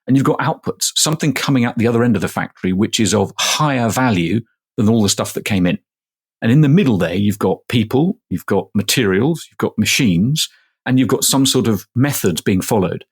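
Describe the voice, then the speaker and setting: A man's voice: on the low side, expressive, brisk, husky. A middle-aged man, a professor, answering interview questions casually and explaining step by step with everyday examples. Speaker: guest, manufacturing professor.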